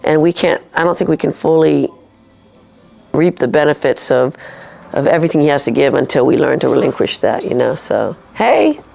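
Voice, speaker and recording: A woman with a low voice and a gravelly edge tells her faith story as a podcast guest. She speaks earnestly and reflectively, often stopping to restart a thought mid-sentence. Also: a little fast, warm tone. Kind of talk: personal faith testimony in casual talk.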